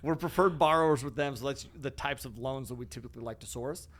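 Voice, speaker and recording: Energetic male podcast host, emphatic. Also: medium pitch, fast talker. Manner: energetic, emphatic, calls his co-host "bro" and "dude". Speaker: podcast host, real estate investor. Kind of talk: casual podcast chat.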